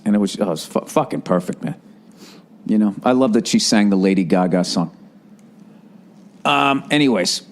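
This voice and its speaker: A man in his forties hosting a podcast, ranting in a profane, sarcastic, animated comedic style. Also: mid-range voice, brisk. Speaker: podcast host. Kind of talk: comedic rant.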